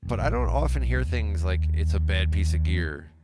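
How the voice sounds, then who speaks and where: Rambling man over loud synth music. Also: low-pitched, lively intonation, normal speed. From United States. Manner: musing, rambling, self-interrupting. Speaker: livestream host. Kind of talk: casual chat reading viewer comments. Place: home music studio.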